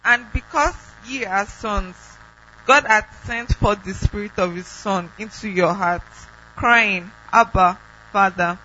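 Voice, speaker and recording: A man reading verses of scripture aloud in a slow, solemn manner. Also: sits high, sharp tone. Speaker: scripture reader. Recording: dull lo-fi recording from off-mic with hum.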